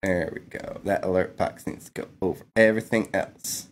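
A man with a deep voice and steady tone streams a video game live at normal speed. He's playful and exclamatory, laughing often and thanking his chat as he comments on the gameplay.

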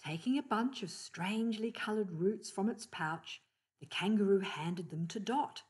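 An older woman reading a picture book aloud, slowly, pausing to point out the pictures. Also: mid-range voice, a little mellow. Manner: slow, pauses to point out pictures. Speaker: storyteller.

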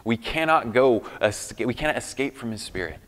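A man's voice: medium pitch, lively intonation, a little fast, fairly bright tone, big-room sound. A man preaching a sermon as pastor, earnest and emphatic, often restarting his phrases. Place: church hall.

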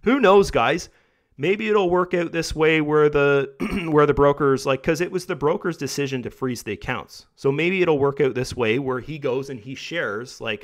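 A man hosting his own video, talking casually and rambling with lots of fillers, tagging "guys" and "right?" onto his sentences, his voice going a bit rough. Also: on the high side, normal speed. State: losing his voice. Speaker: video host. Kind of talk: casual monologue to camera.

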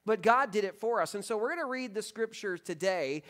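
High-voiced casual pastor. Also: male voice, expressive, a little fast, fairly bright tone. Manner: casual, joking with the congregation. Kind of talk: sermon. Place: church sanctuary.

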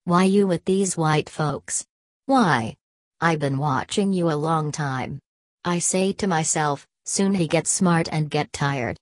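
A woman's voice: sits low, takes it slowly, dry recording. A woman reading the lines of a stocky, fiery male street agitator who rants and pleads in clipped dialect. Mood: raging, pleading. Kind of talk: audiobook character voice.

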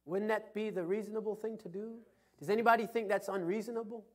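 Male preacher with a high-pitched voice; dynamic sermon delivery, loud peaks and quiet asides. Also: fairly even intonation, fast talker. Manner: preaching with swings from loud emphasis to soft asides; tells anecdotes with chuckles. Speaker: pastor.

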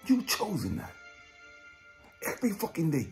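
A man giving a profane motivational talk as a life coach, blunt and intense, swinging between loud urging and low muttering. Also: wildly swooping pitch, moderate pace, creaky, long pauses, soft background music. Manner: blunt, heavy swearing, drill-instructor intensity.

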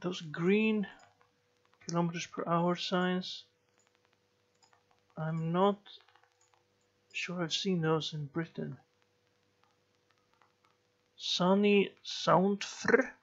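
A man giving slow let's play commentary, musing and thinking aloud as he plays. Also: high-pitched, steady tone, dull audio. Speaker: gameplay commentator.

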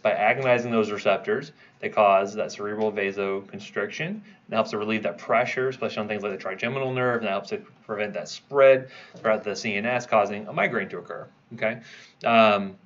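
Low-voiced man leading a review lecture. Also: fast, a bit bright, dull audio. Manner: quizzes students, tags lines with "right?". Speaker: pharmacology instructor.

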